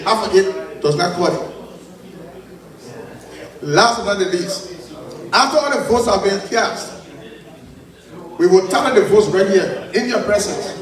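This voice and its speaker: A man, firmly repeating instructions as an election commissioner at a convention meeting. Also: sits high. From Liberia. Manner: firm, repetitive, giving instructions. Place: large convention hall. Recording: very echoey hall, far from the mic.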